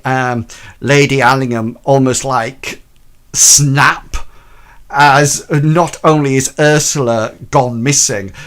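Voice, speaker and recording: A man's voice: medium pitch, fairly bright tone. A man narrating a tabletop role-playing game as game master, in a hesitant way with many ums and restarts.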